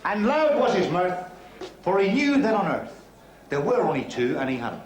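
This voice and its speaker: An actor playing a crude, cheeky middle-aged club comic from Belfast, with a Northern Irish accent, doing a bawdy stand-up routine on stage. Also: male voice, sits high, big pitch swings, normal speed, background noise. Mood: cheeky patter. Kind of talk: 1970s TV drama, stand-up routine. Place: club stage before an audience. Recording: roomy club hall, loud audience.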